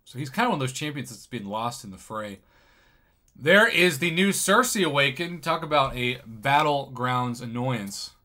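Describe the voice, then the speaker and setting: A man commentating on someone else's game crystal openings, excitable and jokey, with sudden loud bursts of surprise. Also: mid-range voice, moderate pace. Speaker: gaming commentator.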